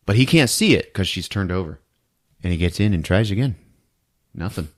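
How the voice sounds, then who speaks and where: A man's voice: low voice, normal speed. A man hosting a podcast, casually retelling a movie plot with lots of laughter. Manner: animated, laughing, storytelling. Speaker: podcast host.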